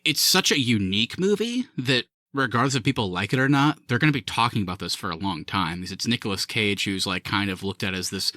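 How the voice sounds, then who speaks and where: A man hosting a casual movie review podcast, animated and quick to laugh as he steers the talk. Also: on the low side, no echo. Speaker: podcast host.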